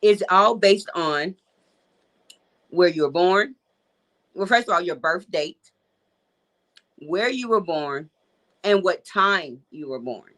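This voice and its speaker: A woman in her 40s from Georgia, USA, hosts a live call-in show, chatting loosely and addressing her viewers directly in a casual live-stream style. Her voice sits on the low side and sounds animated and a bit bright, though she speaks slowly with frequent pauses, and the audio quality is poor.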